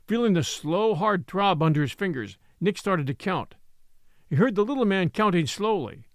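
A man narrating a literary short story in a measured, storytelling manner. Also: high-pitched, expressive, no room sound, studio quality.

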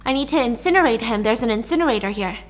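A woman voicing a calm young woman killer who gives steady, quiet instructions. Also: a little high, quick pace, lightly acted. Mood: coolly instructing.

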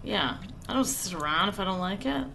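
A woman's voice: mid-range voice, lively intonation, brisk, vocal fry, pushed and bright. A middle-aged woman co-hosting a casual podcast at home, talking bluntly and swearing freely. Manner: blunt, profane, ranting. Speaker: podcast co-host, comedian. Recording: faint background noise.

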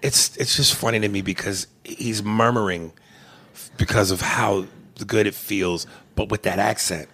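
A man chatting casually about a movie, animated, with exclamations and big jumps in pitch. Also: a little slow, slightly rough.

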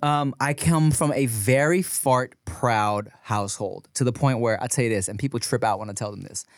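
Man, podcast co-host, mid-pitched, laid-back crude joking, dry sound. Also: normal speed, dry recording. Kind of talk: casual chat.

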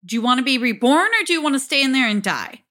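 A female therapist speaks in a calm, coaxing tone that can turn harsh, as a woman reads her lines from a transcript. The voice is bright and crisp. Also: medium pitch, normal speed, close to an everyday voice. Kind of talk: dramatic transcript reading.

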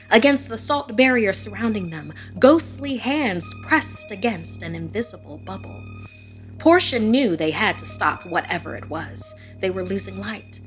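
A woman giving scripted, dramatic narration of a horror story, dropping to a hush in tense moments. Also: mid-range voice.

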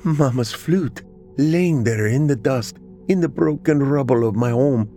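A man narrating a dramatic story in the first person, with expressive, emotional delivery. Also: mid-range voice, a little slow, soft background music.

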